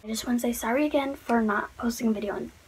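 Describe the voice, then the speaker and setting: A woman's voice: a little high, fast, a little hiss or hum, low-quality recording. Chatty teenage girl telling a story. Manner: chatty, rambling with many "like"s. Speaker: vlogger. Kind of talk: storytime vlog.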